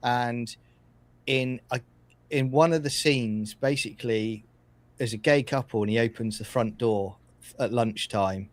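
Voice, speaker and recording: A man's voice: mid-range voice, no room sound. A man from the UK, co-hosting a podcast and making his points earnestly with examples. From United Kingdom. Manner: earnest, opinionated, gives examples. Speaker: podcast co-host. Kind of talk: casual chat.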